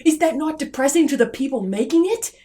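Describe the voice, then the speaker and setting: A young woman vlogger ranting sarcastically and in exasperation about a film, swinging from loud outbursts to low muttering. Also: expressive, a little fast.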